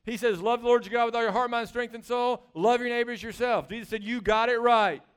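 A man preaching a sermon in a conversational, animated way, asking his listeners rhetorical questions. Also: extremely high pitch, fast talker, clean tone.

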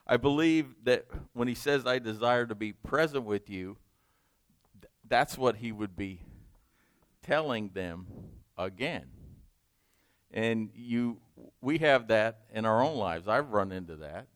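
A man leading a Bible study, reading scripture slowly and explaining it in a conversational way. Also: mid-range voice, lively intonation, smooth, no echo. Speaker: Bible teacher.

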